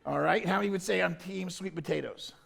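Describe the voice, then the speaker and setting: High, gravelly-voiced man joking with a crowd. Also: brisk. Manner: jokey, energetic, calls out to the crowd. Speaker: pastor. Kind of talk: playful audience poll from the stage. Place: church service.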